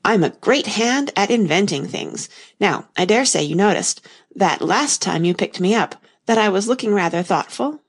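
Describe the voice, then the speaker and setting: Bumbling old knight inventor for a storybook reading, earnest and rambling, read by a woman with a gravelly voice. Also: mid-range voice, lively intonation, normal speed. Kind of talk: audiobook character reading.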